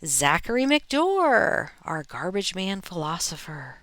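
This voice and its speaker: A woman hosting a reselling channel, relaxed and chatty as she reads viewer posts aloud with her own asides. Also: lowish voice, slow pace, no room sound. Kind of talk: reading viewer posts in a casual narration.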